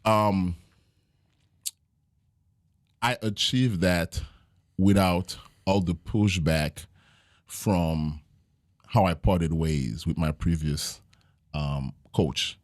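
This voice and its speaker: A man's voice: low-pitched, drawn-out words, long pauses, no echo, clean studio sound. A man, a jiu-jitsu gym owner and podcast guest, talking in a casual interview in an earnest, reflective way, with frequent fillers as he tells stories.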